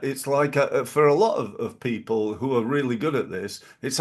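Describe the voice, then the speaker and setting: A middle-aged man, hosting a podcast in a casual motivational monologue and jumping his pitch up to stress key phrases. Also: normal speed, hardly any pauses. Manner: animated, punches quoted catchphrases with big pitch jumps. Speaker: podcast host.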